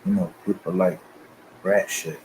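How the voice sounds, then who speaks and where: A man with a deep, low voice rants to his viewers in a loose, profane, confrontational way. A faint hiss of background noise sits under his talk. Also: steady tone, unhurried, darkish tone, poor audio. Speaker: channel host. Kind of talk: casual rant to viewers.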